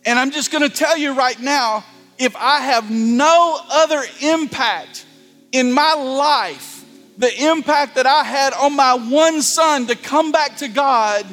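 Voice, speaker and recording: A man's voice: very high voice, slow pace, a bit bright, faint music behind. A middle-aged man preaching a sermon as pastor, emphatic, repeating phrases and calling on the congregation to answer. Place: large church hall. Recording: long hall reverb.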